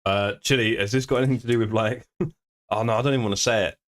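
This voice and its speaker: A man's voice: mid-range voice, steady tone, quick pace. A man, streaming sim racing and bantering casually with his live chat, joking and laughing often. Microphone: desk streaming microphone.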